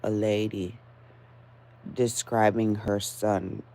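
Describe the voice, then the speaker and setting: Low, slow woman with a groggy morning voice. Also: little pitch movement, dark tone. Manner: halting, with many fillers and restarts, then firm and insistent. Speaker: vlogger. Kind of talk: casual solo vlog talk.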